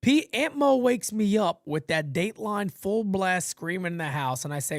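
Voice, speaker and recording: Man doing loose fan play-by-play, animated and swinging in pitch, dry close sound. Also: moderate pace, hardly any pauses, no echo. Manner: rambling, swearing, easygoing banter between pitches. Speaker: play-by-play host of a fan channel. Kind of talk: casual live play-by-play with chat.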